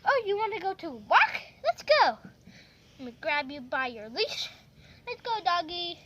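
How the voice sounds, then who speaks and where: Casting: chatty vlogger woman, high and bright, very lively delivery, faint hiss behind. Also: moderate pace, muffled recording. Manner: excitable, chatty, talks to viewers. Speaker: vlogger narrating toy play. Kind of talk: pretend-play vlog narration.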